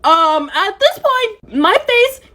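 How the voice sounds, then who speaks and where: A woman recounts a wild date in a storytime vlog. Her voice is high and strikingly lively, leaping up and down as she dramatizes each moment, with an exasperated edge. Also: slow.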